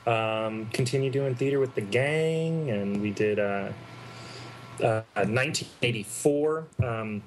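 A man, an actor guest, telling animated anecdotes in a casual interview, laughing as he goes. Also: mid-range voice, a little slow, slight background noise. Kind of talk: casual storytelling.

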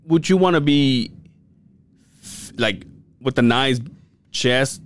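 A man co-hosting a podcast, chatting in crude, animated banter, laughing and acting out the stories he tells. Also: medium pitch, slow pace. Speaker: podcast co-host.

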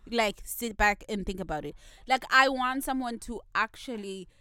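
A young woman co-hosting a casual chat, animated and laughing often. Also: a little high, normal speed, clear, resonant tone, no echo. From Zimbabwe. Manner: animated, laughs often, rising to loud exclaiming. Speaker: podcast co-host.

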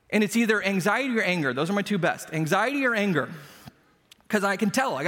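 A man's voice: extremely high pitch, sharp tone. A man preaching a sermon as pastor, conversational and self-deprecating, telling everyday stories to make his points. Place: church sanctuary. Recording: long church hall reverb.

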